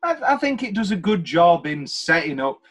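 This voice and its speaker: A man's voice: sits high, sing-song, normal speed, a bit bright. A man co-hosting a podcast, chatting casually and enthusiastically about a film, rambling with restarts. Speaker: podcast co-host. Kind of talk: casual film review chat.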